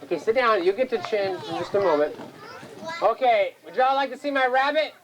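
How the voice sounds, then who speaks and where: A woman's voice: a little high, lively intonation, fairly quick, crowd noise, background noise. A woman performing a magic show at a children's birthday party, coaxing and singsong as she gets the kids to chant along, recorded on a 1980s home camcorder.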